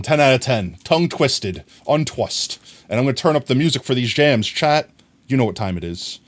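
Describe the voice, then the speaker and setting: A young man streaming live, chatting casually and thinking aloud as he builds in a game, playful and quick to laugh at himself. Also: medium pitch.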